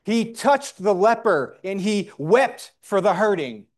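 A man preaching a sermon in short measured phrases, pausing for his interpreter. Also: sits high, lively intonation.

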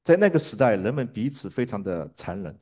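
A man's voice: on the low side, big pitch swings, brisk, a little mellow. A man interpreting a sermon live, hesitating with fillers and restarts.

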